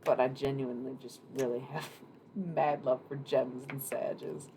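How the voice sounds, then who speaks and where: A deep-voiced woman rambling casually through a live tarot card reading, swearing now and then. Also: level tone, a little slow. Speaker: tarot reader streamer. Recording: noisy room ambience.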